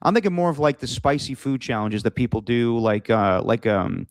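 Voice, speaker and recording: A man co-hosting a casual sports podcast, speaking at a middling pitch. His talk rambles, packed with fillers and restarts as he works out his thoughts aloud. The sound is dry and close. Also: lively intonation, normal speed, no echo. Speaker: podcast co-host.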